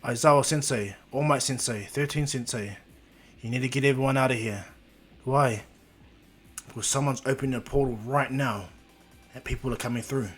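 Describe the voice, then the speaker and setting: Guy doing a calm earnest teen hero, soft and thoughtful, kinda plain voice, faint music behind. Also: mid-range voice, moderate pace, long pauses, slightly rough, close to an everyday voice. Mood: urgent. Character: earnest teenage boy hero, calm and caring.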